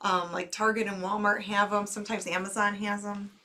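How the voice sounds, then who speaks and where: A woman's voice: medium pitch, little pitch movement, a little fast, bright, forceful tone, recorded from a distance. A woman horror movie host with a Midwestern American accent, chatting casually and giggling as she reads viewer comments. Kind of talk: casual chat reading comments.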